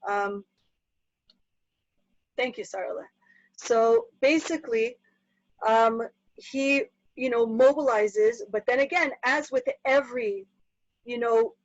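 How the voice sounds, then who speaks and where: Casting: animated woman teacher, high bright voice, dull dry recording. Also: no room sound. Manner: animated, acts out characters in bursts. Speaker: Torah teacher. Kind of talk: lively classroom lesson.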